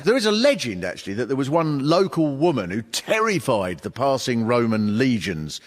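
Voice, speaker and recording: An English man performing stand-up comedy to a live audience, telling stories with lively shouted bursts. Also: medium pitch, normal speed. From England. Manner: lively storytelling, breaks into shouted impressions. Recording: reverberant hall with audience.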